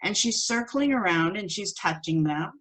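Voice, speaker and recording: A woman teaching a spiritual course, telling a personal story in an animated way and acting out the voices of the people in it. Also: medium pitch, moderate pace, rough recording. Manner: animated, acts out quoted voices.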